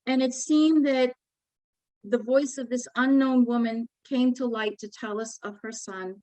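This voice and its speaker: A woman poet and author giving a book talk, speaking in an earnest, measured and emotionally moved way. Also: mid-range voice, no echo, poor audio. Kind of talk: book talk with poetry reading.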